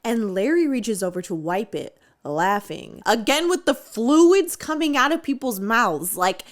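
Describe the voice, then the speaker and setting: A young woman reviewing a book, sarcastic, animated and full of swearing. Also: on the high side, a little slow. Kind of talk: comedic book reading and review.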